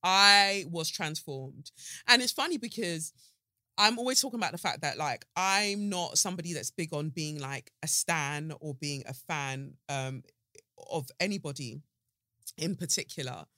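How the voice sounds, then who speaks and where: A woman in her thirties hosting a podcast in casual, animated chat, laughing often. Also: low-pitched, measured pace, dry recording, clean studio sound. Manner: chatty, animated, laughs and breaks into song. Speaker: podcast host.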